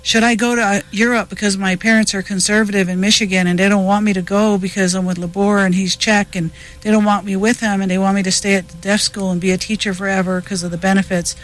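A middle-aged man speaks as a guest in a radio studio, his voice sitting high for a man. He tells a long story in a lively, chatty way, laughing often and restarting his sentences. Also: fast talker, poor audio. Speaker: guest musician. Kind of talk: casual radio interview storytelling.

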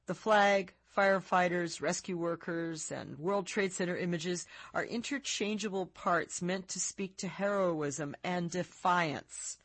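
Lower-pitched woman reading her own prose. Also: unhurried, few pauses, dry recording.

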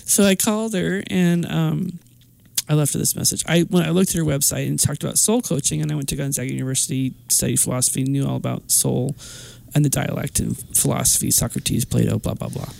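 Tearful middle-aged woman with gravelly voice. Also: sits low, brisk. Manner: tearful, laughs often, quotes others in lively voices. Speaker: guest sharing her experience. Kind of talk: emotional personal story.

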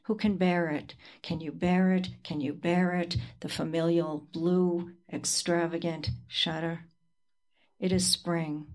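A woman reads her own poetry aloud in a measured, deliberate way. She takes her time, letting each line settle, at a very unhurried pace. Her voice sits a little low. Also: little pitch movement, darkish tone. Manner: slow, measured recitation. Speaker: poet. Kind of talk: poetry reading.

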